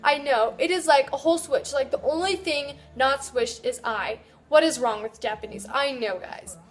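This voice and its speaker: High-voiced chatty woman teaching. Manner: chatty, loose, sprinkled with "like"; sounds out words slowly syllable by syllable. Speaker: Japanese language teacher. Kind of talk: casual video lesson.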